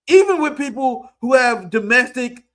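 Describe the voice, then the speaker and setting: A man's voice: very high-pitched, animated, normal speed, a bit bright. A man from the American Midwest giving emotional, exasperated live political commentary on his stream, swearing casually and near tears.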